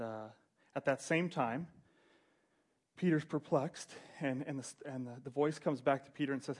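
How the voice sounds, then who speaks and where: A man's voice: medium pitch, normal speed. A man preaching a casual sermon, reading scripture aloud and retelling it in loose everyday slang.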